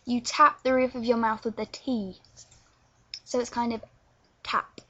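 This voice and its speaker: With the highs cut off, the audio captures a high-ish, slightly bright voice that barely moves in pitch and runs a little slow. It's a young woman from England who teaches accents on her vlog, chatting casually in London English with many filler words.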